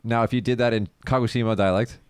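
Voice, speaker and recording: Man hosting a casual podcast, smooth clear voice, dry close sound, lively and quick to jump in. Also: medium pitch, no echo. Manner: lively, leads the talk with quick interjections. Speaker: podcast host. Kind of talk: casual bilingual podcast chat.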